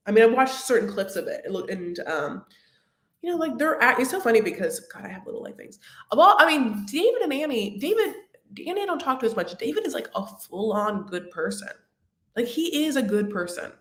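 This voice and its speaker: A woman's voice: a little high, big pitch swings, brisk, roomy sound. A woman hosting a reality TV recap livestream, talking casually in a rambling, chatty way full of fillers and restarts. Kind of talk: casual chat.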